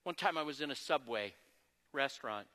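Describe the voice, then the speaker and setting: A man pastor preaching a sermon with lively energy, moving between loud exclamations and quieter, conversational asides. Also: mid-range voice, brisk, in a large hall. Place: church sanctuary.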